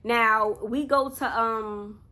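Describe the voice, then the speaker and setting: A woman's voice: fairly high pitch, steady tone, slow, sharp tone. A young woman telling a casual storytime to her viewers, chatty and talking straight to them. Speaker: vlogger.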